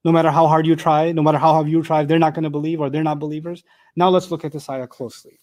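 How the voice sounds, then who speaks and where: A man teaching a Quran commentary class to a live audience, explaining grammar with everyday examples in a conversational, animated way. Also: fairly high pitch, fast talker. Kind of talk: classroom tafsir lecture.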